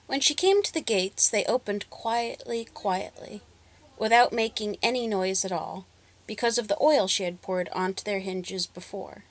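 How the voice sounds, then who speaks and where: A woman storyteller narrating a folk tale with expressive, dramatic pacing. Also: mid-range voice.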